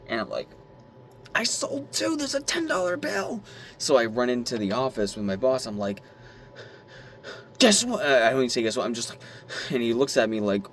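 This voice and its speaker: A young man vlogging at his desk, telling a story in a rambling, animated way, swearing now and then and squealing when he acts out his excitement. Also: fairly low pitch, a little hiss or hum. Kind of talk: casual talk to camera.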